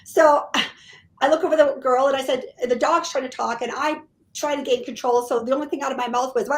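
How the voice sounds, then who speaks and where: A middle-aged woman, a psychic medium guest, telling her stories in an animated, casual way and acting out the quotes. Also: high-pitched, fairly quick, low-quality recording. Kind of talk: casual storytelling in an interview.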